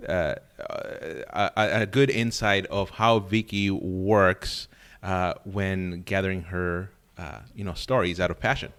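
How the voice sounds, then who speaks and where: A man hosting a podcast interview, asking questions in a halting way with many fillers. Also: low voice, fairly even intonation, a bit bright, clear, resonant tone. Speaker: podcast host. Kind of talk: casual interview.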